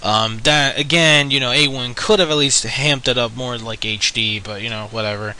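A young man rambling through an anime episode review, full of fillers and swearing. His voice is bright and forward, at a middle pitch, with a casual, loose delivery. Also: steady tone, normal speed, poor audio. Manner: rambling, frequent fillers and profanity.

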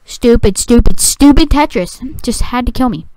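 A woman giving excitable gameplay commentary, talking to the game and shouting at it. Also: on the high side, normal speed, no echo. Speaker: gaming video creator.

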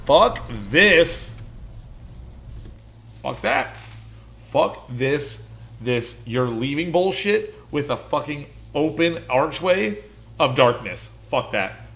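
A man's voice: fairly high pitch, animated, takes it slowly, gravelly, pauses often, a bit bright. A man streaming a horror game, swearing and reacting in panic, with game music playing behind him. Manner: panicked swearing, screams and repeated exclamations. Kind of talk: live horror game commentary.

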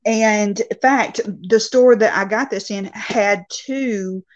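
A woman's voice: medium pitch, takes it slowly. A woman from North Alabama, chatting on a video call in a friendly, hesitant way. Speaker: caller showing finds. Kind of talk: casual video call chat. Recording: dull lo-fi video call audio.

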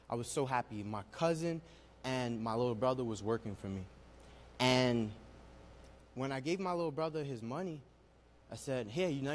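A man's voice: medium pitch, slight background noise. A young man telling his personal testimony at a worship service, speaking with emotional, building storytelling. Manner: emotional storytelling, rising in intensity.

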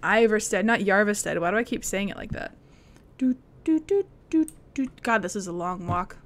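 A young woman with a mid-range voice and lively intonation talks at normal speed while streaming her gameplay. Her commentary is casual, full of giggles and chatter aimed at the characters and her audience.

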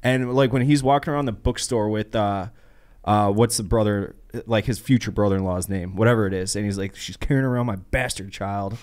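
A man's voice: lowish voice, fairly even intonation, a little fast, a little mellow. A man, a podcast regular, in casual crude banter with friends, swearing emphatically.

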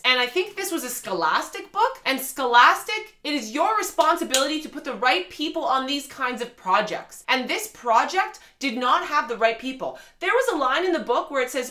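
A woman's voice: high voice, sing-song, normal speed, hardly any pauses, bright, forceful tone. A young woman reviewing a book in a casual, emphatic and exasperated vlog rant.

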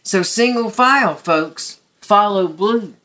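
A woman's voice: medium pitch, lively intonation, slow, bright, forceful tone. A woman reading the lines of a cheerful mayor giving a speech in a children's story.

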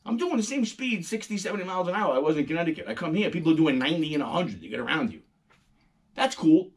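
A middle-aged man, hosting a casual, profane and animated monologue. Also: fairly high pitch, fast, vocal fry, husky. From New York. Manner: animated, profane storytelling, acting out quoted voices. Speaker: host.

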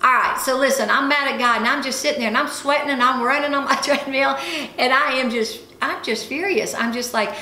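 A woman ministry speaker and show host giving an animated sermon-style testimony, telling her story with frequent laughs. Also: sits high, normal speed. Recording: echoey room with faint ambient noise.

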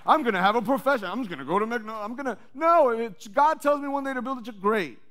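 High-voiced preaching pastor. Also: male voice, fast, few pauses. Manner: energetic preaching that swings between loud calls and low asides. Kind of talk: sermon.

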